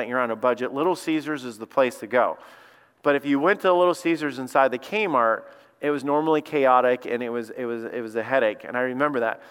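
A man's voice: mid-range voice, clear, resonant tone. A man from Alabama, preaching a sermon as lead pastor and telling stories in a folksy way. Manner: folksy storytelling, voice rising when excited. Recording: long hall reverb.

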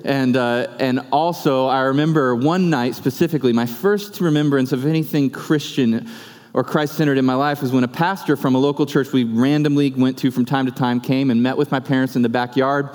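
A man in his thirties from California, preaching a sermon and telling his testimony as an earnest storyteller who slows down for emphasis. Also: mid-range voice, fairly even intonation, darkish tone. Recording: long reverb of a large hall.

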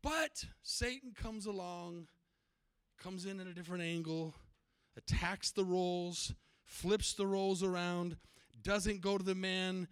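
Man, pastor, high-pitched, dry close sound, emphatic preaching. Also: smooth, no echo. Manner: emphatic preaching with frequent questions to the congregation. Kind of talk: sermon.

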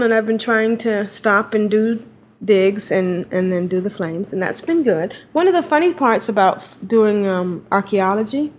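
A woman co-hosting a casual gaming podcast, chatty and giggly, wandering through her story. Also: fairly high pitch. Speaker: podcast co-host.

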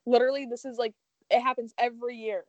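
Fast-talking woman with a dry sound. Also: fairly high pitch, little pitch movement, no room sound. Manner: fast, blunt opinions. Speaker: podcast co-host. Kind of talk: casual group chat about movies.

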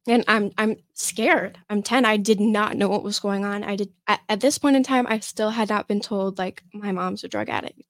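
A young woman from Michigan, a podcast guest telling a personal story in a halting way, with many fillers and restarts. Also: medium pitch, steady tone, no room sound. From Michigan, USA.

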